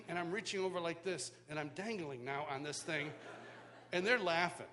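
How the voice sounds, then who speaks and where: A man teaching at a worship school, telling a personal story in sermon style with animated, self-mocking humor, recorded live in a church hall. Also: on the high side, normal speed. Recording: live hall reverb, faint background noise.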